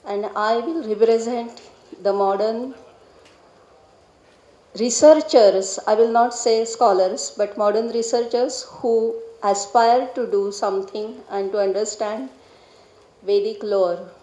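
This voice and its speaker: Slow, measured Indian woman lecturing. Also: on the high side, mellow. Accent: Indian English. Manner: measured, explanatory, stresses key syllables. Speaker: Vedic researcher presenting a paper. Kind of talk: academic lecture. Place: lecture hall. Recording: echoey hall.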